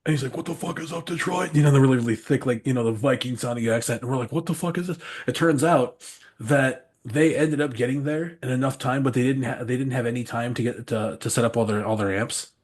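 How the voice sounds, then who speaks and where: A man on a podcast telling rambling, animated road stories, laughing often and swearing freely. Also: medium pitch, fairly quick. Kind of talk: casual storytelling chat.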